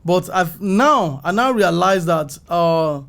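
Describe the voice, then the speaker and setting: Animated high-voiced Nigerian man storytelling. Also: slow pace, creaky. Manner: animated, acts out calls and quotes with rising pitch. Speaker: film makeup artist, guest. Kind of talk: storytelling in an interview.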